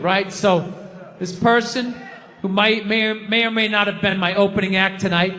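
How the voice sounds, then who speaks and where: Stand-up comic, 50s, profane rant, high bright voice, reverberant hall. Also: male voice, steady tone. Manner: profane, ranting, rapid-fire delivery. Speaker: stand-up comedian. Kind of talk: stand-up comedy set. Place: large venue on stage. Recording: reverberant hall with live audience.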